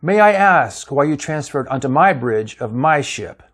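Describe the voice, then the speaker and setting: A man's voice: medium pitch, lively intonation, unhurried, fairly bright tone, husky. A man voicing a commanding male starship captain with clipped questions, in a read-aloud story. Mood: terse.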